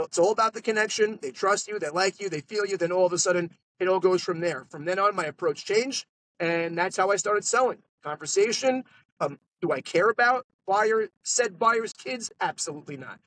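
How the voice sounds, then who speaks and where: Brief: higher-voiced New man, animated storyteller, faint room hum. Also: poor audio. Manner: animated salesman storytelling, quick asides. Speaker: podcast guest. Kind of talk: casual storytelling interview. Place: podcast studio.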